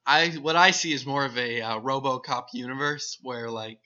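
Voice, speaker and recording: A man's voice: mid-range voice, normal speed, pushed and bright, muffled recording. A man co-hosting a podcast, rambling through joking predictions and searching for words as he goes. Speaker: podcast co-host. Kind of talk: casual joking chat.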